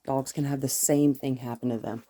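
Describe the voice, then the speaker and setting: Mellow-voiced woman coaching a dog. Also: a bass voice, fairly even intonation, moderate pace, rough recording. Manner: gentle, coaxing, talks to the dog in between. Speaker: dog trainer. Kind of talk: casual training narration. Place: outdoors with a dog.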